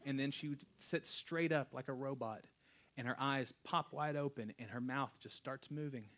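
Animated man preaching a casual sermon. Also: mid-range voice, moderate pace. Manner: conversational and animated, swings from hushed to loud. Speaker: pastor.

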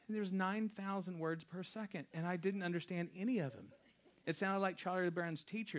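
A man in his thirties preaches like he's having a conversation, alternating soft reflection with loud storytelling. His pastor's voice is high-pitched and a little fast.

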